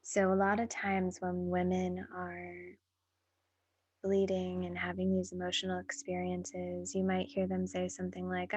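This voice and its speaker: A woman host speaking in a slow, reflective monologue, soft and breathy, often sinking into near-whispers as she encourages listeners directly. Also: lowish voice, completely flat delivery, dry recording, lo-fi sound. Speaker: podcast host.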